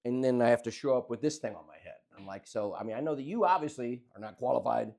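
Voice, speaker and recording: A man co-hosting a casual podcast, telling a rambling, animated story and swearing freely. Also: medium pitch, fast talker, gravelly. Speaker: podcast co-host. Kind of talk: casual chat.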